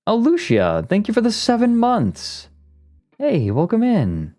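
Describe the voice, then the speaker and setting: Man, streamer, lively swooping pitch, joking reactions, casual chat, faint music behind. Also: a little slow. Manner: jokey, reacts out loud, reads from a page. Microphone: streaming mic.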